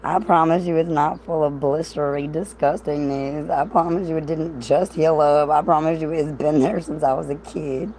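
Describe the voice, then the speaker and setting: A woman rambles through a casual livestream, profane and amused. Her voice sits low. A faint hiss runs underneath. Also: steady tone, normal speed, hardly any pauses, warm tone, rough recording. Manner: rambling, profane, laughs often.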